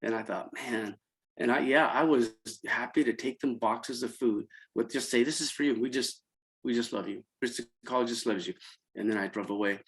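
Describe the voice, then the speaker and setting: A middle-aged man from Central California telling stories as an interview guest, halting and full of restarts, his voice lifting when he quotes students. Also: mid-range voice, fairly bright tone, poor audio. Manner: halting, many restarts and fillers, voice rising when quoting students. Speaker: interview guest, college program founder. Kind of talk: emotional conversational storytelling.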